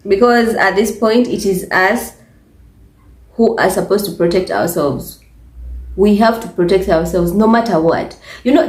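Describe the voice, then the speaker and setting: A woman's voice: medium pitch, darkish tone. A woman with a Ugandan English accent talking to camera in a casual vlog, emphatic, repetitive and exasperated. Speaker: vlogger. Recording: echoey room.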